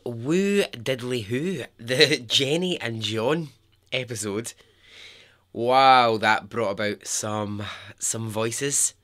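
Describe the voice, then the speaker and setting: This Scottish podcast host tells a true story in a playful, chatty style, often laughing at his own jokes. His mid-range voice sounds pushed and bright.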